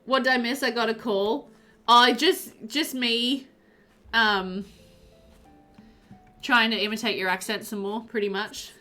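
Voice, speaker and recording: A woman's voice: on the high side, steady tone, measured pace, pauses often, bright, forceful tone, soft background music. A woman game streamer chatting casually with her live chat while playing, giggly and talkative.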